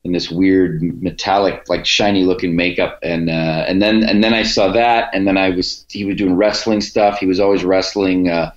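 Man, from Cleveland, podcaster guest, low voice, rambling laid-back storytelling, dull lo-fi sound. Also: steady tone, moderate pace, hardly any pauses. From Cleveland, United States. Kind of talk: casual interview chat. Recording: dull, echoey room sound.

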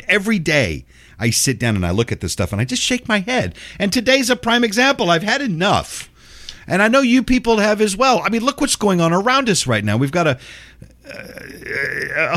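A man's voice: fairly high pitch, a bit bright, no room sound. A middle-aged man hosting a show, delivering a profane, sarcastic, exasperated ranting monologue. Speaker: show host.

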